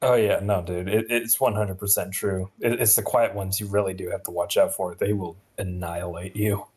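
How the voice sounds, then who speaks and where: A man's voice: low-pitched, fairly even intonation, normal speed, darkish tone. A young man co-commentating a video game tournament casually, joking around and stammering when he restarts.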